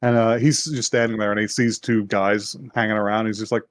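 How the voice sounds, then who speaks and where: A man co-hosting a podcast, recapping an anime in a relaxed, rambling way with casual swearing. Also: lowish voice, brisk, hardly any pauses, dry recording. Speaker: podcast co-host.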